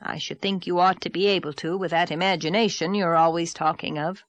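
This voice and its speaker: A woman's voice: lowish voice, fairly even intonation, dry recording, natural voice. A woman voicing a stern, practical older woman in a storybook reading. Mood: weary. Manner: dry, sober, measured.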